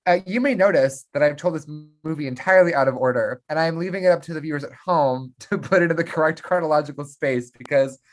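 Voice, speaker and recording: Podcast co-host, middle pitch, casual film recap, lively, quick character voices.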